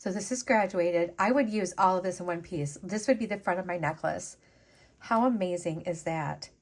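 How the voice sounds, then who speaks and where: A woman hosting a casual jewelry-making vlog, gushing and excitable, chatting to viewers as she unboxes beads. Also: lowish voice, moderate pace. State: teary and sniffly after sneezing. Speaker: jewelry-making channel host.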